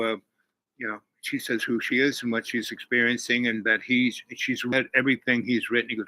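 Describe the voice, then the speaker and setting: A man's voice: medium pitch, flat delivery, a little fast, bright, forceful tone, no room sound, rough recording. A man casually retelling a movie plot, rambling with many fillers and restarts. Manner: rambling, full of "you know" and restarts. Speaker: channel host.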